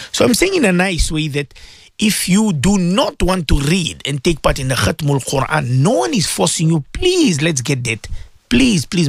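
A man's voice: on the high side, no echo, studio quality. Impassioned man pleading with radio listeners. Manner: impassioned, pleading, repeats himself. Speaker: radio presenter and Islamic teacher. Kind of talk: preaching talk to radio listeners.

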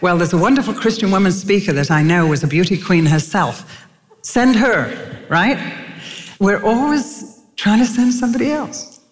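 Animated older woman preaching in a hall. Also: normal speed. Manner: animated storytelling, acting out quotes with lively pitch jumps. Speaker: Bible teacher and speaker. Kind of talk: sermon.

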